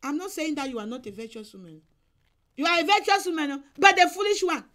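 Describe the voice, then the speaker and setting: A woman evangelist preaching a sermon over an online call, emphatic and exhorting, repeating her phrases and sometimes bursting into shouts. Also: sits high, animated, quick pace.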